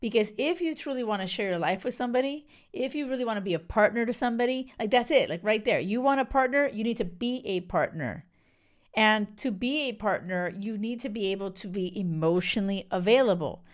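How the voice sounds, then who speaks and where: A woman's voice: mid-range voice, animated, a little fast. A woman hosting a solo podcast as a relationship coach, speaking frankly and candidly in casual talk. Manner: frank, candid, mixes in swearing and laughs.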